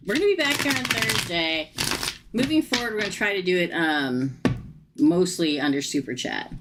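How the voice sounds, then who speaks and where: A woman's voice: lowish voice, moderate pace, very noisy. Chatty woman tarot reader, laughing. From United States. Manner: animated, laughs often, chatty. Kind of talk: live-stream tarot reading.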